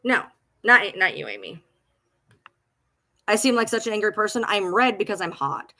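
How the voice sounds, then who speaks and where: At home on a livestream, a TikTok creator rants, agitated and profane, repeating herself as she fires back at critics. Her mid-range voice is expressive and sharp-toned, at a moderate pace.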